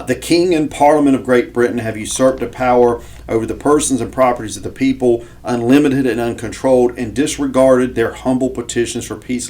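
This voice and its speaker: A man's voice: mid-range voice, darkish tone. A man co-hosting a history podcast, reading old documents aloud and explaining them with asides. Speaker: podcast co-host. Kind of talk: casual history discussion, reading quotes aloud.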